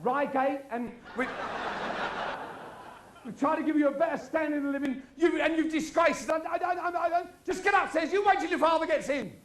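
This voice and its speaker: A man voicing a posh, outraged middle-aged mother scolding in a shrill, indignant tone. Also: moderate pace, fairly bright tone, roomy sound, a little hiss or hum.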